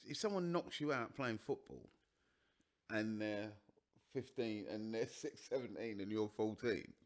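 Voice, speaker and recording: A man in a casual podcast discussion who asks questions and gently pushes back. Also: lowish voice, unhurried.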